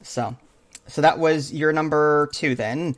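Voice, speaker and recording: A man's voice: on the high side, fairly even intonation, slow pace. A man hosting a casual podcast chat, talking eagerly and retelling favourite scenes. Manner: enthusiastic, retells scenes with quoted lines. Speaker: podcast host.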